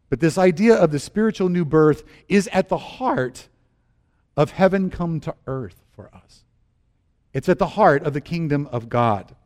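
A middle-aged man preaching a sermon, telling personal stories with animated, acted-out moments and quiet earnest turns. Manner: animated storyteller, acts out scenes with sudden high exclamations. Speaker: pastor.

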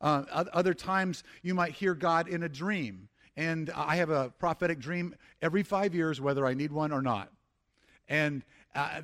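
A middle-aged male pastor delivers a sermon in a voice sitting a little higher than most men's. He talks in a conversational way, restarting phrases and slowing down to stress key points. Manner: conversational preaching, frequent restarts, slows for emphasis.

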